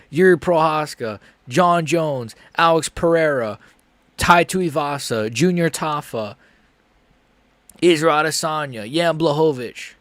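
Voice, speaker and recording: A man's voice: a little high, a bit bright, dry recording. A man giving live reaction commentary on a fight, rambling and swearing, with his feelings swinging back and forth. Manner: profane, rambling, emotionally swinging.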